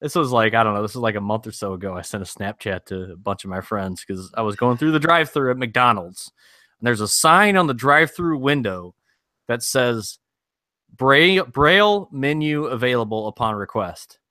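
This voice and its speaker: A man's voice: fairly low pitch, expressive, brisk, bright, forceful tone, dry recording, studio quality. A man in his thirties co-hosting a podcast, laid-back and casually profane, laughing often. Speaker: podcast co-host. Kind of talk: casual chat.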